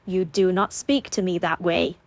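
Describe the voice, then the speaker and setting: A woman's voice: fairly low pitch, fairly even intonation, moderate pace, natural voice. A woman narrator voicing a firm, harried young mother of three in an audiobook, speaking in a scolding tone. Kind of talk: audiobook character voice.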